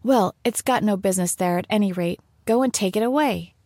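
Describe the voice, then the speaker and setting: A woman voicing a fussy, quick-tempered rabbit who snaps orders at his servants. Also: medium pitch, darkish tone, no echo, studio quality, close to an everyday voice. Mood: indignant. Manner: snappish, ordering servants about.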